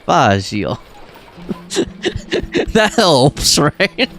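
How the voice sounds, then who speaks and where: A man chats his way through a game stream, rambling and thinking aloud. His voice sits a touch high and swings widely in pitch, with faint game music under it. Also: wildly swooping pitch, unhurried, fairly bright tone, slight background noise. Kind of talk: casual gameplay chat.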